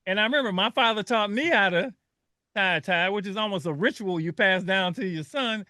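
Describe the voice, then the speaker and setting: This older man hosts a radio talk panel, his voice pitched high and bright. He tells stories with feeling and repeats words as he goes. The sound is dry and close. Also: a little fast, dry recording. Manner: animated storyteller, emotional, repeats words. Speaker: radio show host.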